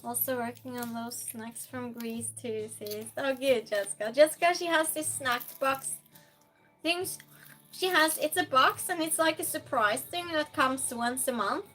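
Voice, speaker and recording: A woman's voice: high voice, measured pace, fairly bright tone. A woman hosting a live-stream game night, chatting casually, reading chat aloud and playfully scolding and thanking donors.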